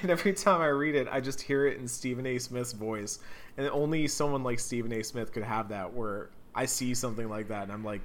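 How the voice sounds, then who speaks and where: A man co-hosting a casual gaming podcast, talking in an animated way, often laughing and slipping into mock voices for quotes. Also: mid-range voice, a little fast, a little hiss or hum. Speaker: podcast co-host.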